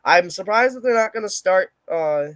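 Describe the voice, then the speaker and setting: Brash high-voiced young man. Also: expressive, moderate pace, fairly bright tone, no echo. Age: young adult. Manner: brash, opinionated trash talk. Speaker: podcast co-host. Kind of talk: casual sports chat.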